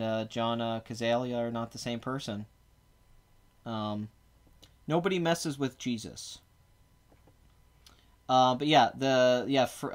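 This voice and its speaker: A man hosting a podcast in casual chat, rambling and correcting himself with many fillers. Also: medium pitch. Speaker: podcast host.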